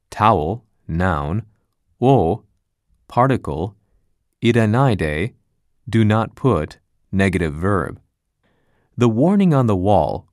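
A man reads an essay aloud as scripted narration, his voice sitting on the low side. He takes a measured, careful pace through each sentence. The sound is dry and close, with no room around it. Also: a little mellow, no room sound.

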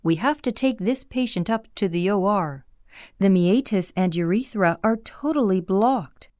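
A woman reading the lines of an exacting senior male urologist in a measured, testing tone. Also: medium pitch, expressive, a little mellow, no room sound, studio quality, close to an everyday voice. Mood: kindly.

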